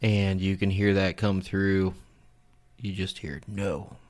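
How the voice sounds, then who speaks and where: A young man hosting a podcast, casually narrating and explaining audio clips, blunt and quick to swear. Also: low-pitched, completely flat delivery, darkish tone.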